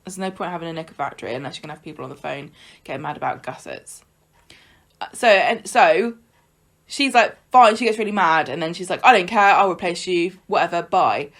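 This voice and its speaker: A woman co-hosting a podcast, chatting casually about a soap and acting out characters' lines in quick asides. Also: on the low side, fairly bright tone. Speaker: podcast co-host. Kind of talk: casual chat recapping a soap.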